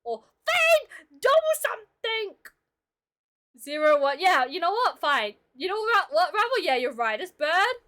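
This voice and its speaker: High, lively young woman streamer. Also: normal speed, hardly any pauses. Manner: chatty and playful, talking to chat. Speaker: streamer and illustrator. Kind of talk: casual livestream chat while drawing.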